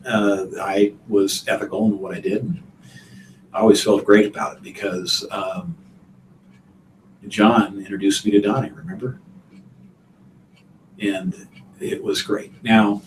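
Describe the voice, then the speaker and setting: A man's voice: fairly low pitch, fairly even intonation, measured pace, long pauses, roomy sound, a little hiss or hum, poor audio. A male real estate instructor telling a folksy story in a live online class. He chuckles often and fills his talk with you-knows and uhs. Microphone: computer mic on a video call.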